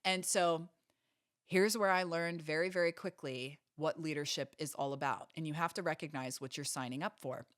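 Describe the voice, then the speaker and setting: A woman's voice: deep voice, fairly even intonation, normal speed, no echo, studio quality. A woman hosting a podcast, telling a personal story in an earnest, emphatic way and repeating phrases for stress. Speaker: podcast host.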